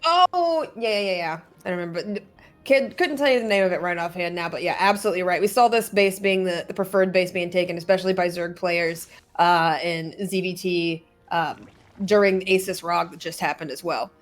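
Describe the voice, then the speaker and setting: A woman's voice: fairly low pitch, a little fast. A woman co-casting a live game, teasing and giggly in her banter. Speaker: esports co-caster.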